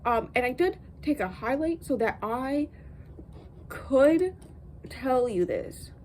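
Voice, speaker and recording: A woman's voice: high voice, takes it slowly, a little hiss or hum, poor audio. Exasperated woman ranting about a book. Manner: exasperated, animated ranting with many fillers. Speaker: book vlogger. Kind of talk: casual book review rant.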